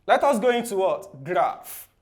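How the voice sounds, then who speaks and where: Man, chemistry tutor, exam-prep lesson, asks "what?" after each phrase, answers quietly. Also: sing-song, measured pace. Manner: drops to a low, soft voice on the answer words.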